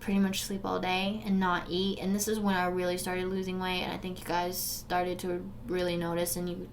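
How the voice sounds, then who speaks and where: In a fairly low voice at normal speed, with completely flat delivery, a young woman vlogger recounts her own story candidly to her viewers, earnest and emotional. She shifts from forceful urging to soft, subdued memories. Slight background noise is present.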